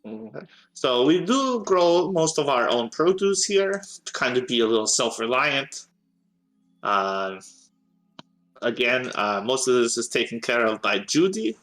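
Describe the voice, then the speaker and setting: A man's voice: medium pitch, very animated, unhurried, a bit bright, soft background music. A man narrating a tabletop game as game master, hesitant and full of filler sounds.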